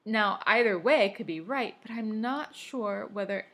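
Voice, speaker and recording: A woman reading aloud and voicing a prim, pedantic, know-it-all teenage girl in a slightly husky voice. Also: fairly high pitch, normal speed, a bit bright, voice pushed up. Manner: precise, pedantic phrasing.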